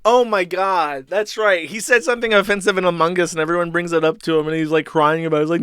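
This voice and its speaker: A man's voice: high voice, fairly quick, fairly bright tone, smooth, no room sound, studio quality. A man hosting a live stream, reading posts and mocking them in a rambling, swearing commentary. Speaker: streamer host.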